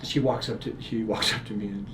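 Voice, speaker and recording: A man's voice: on the low side, fairly quick. Guy telling a story in an interview, acts out the lines, echoey room. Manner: animated storyteller, acts out quotes. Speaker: guest author. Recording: roomy with faint noise.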